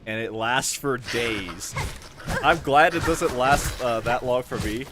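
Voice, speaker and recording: A man's voice: medium pitch, slow, background noise. A young man rambling casually while he plays a game and answers chat, chuckling often. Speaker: gaming streamer. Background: game music.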